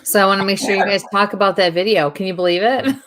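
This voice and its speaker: A woman co-hosting a podcast, talking briskly and keeping the chat on time. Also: medium pitch, heavy background noise. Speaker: podcast co-host.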